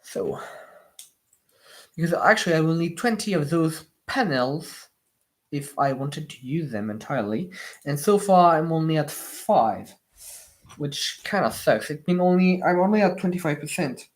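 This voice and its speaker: A live streamer chatting casually while building with LEGO, answering viewer comments in slightly awkward non-native English, with lots of pauses and restarts. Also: medium pitch, animated. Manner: hesitant, many fillers and restarts.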